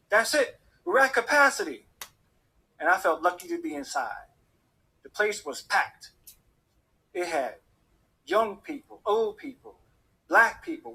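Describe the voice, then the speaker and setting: A man telling a personal story in an animated way, acting out the people in it. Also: sits high, slightly rough. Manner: animated, acts out the voices of people in his story. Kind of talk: personal story told to an audience.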